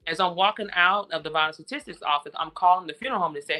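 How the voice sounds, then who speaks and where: A woman with a bright, forceful voice tells her story as an interview guest. She sounds worn down and frustrated, and she retells each exchange steadily and in detail. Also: lowish voice, fast. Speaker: interview guest, grieving mother. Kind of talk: personal account in conversation.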